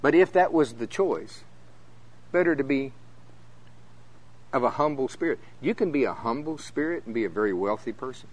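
A middle-aged preacher with a drawl delivers a sermon, his pitch rising and falling in lively swings. He tells stories, acts out conversations and laughs often along the way. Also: normal speed, pauses often. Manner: animated storytelling, acting out voices, laughing often.

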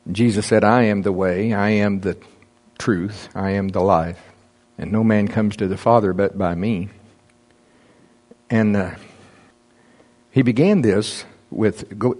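A man's voice: lowish voice, a little mellow. A man preaching a casual, conversational sermon, reading scripture and explaining it with frequent chuckles.

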